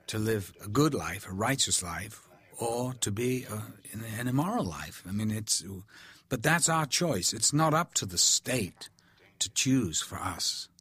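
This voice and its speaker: A man with a husky, low voice talks through a film commentary. He tells candid anecdotes with animated energy. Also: no room sound. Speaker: actor giving film commentary.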